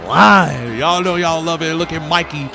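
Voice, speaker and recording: A high-pitched, gravelly man commentating his own basketball video game with hype and plenty of slang. He shouts and sings along with the action. Loud game music plays underneath his voice. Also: measured pace. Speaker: gaming YouTuber.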